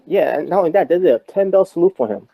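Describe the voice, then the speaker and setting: A man's voice: on the high side, animated, fast talker, vocal fry, no room sound, highs cut off. A man co-hosting a podcast, rambling in casual wrestling talk with many restarts and fillers. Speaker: podcast co-host.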